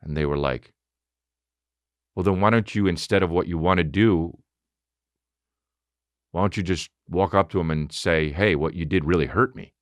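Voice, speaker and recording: A man in his thirties hosting a podcast, telling a profane, animated story and acting out both sides of a conversation. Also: low voice, normal speed, pauses often, no room sound. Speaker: podcast host. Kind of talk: casual comedic storytelling.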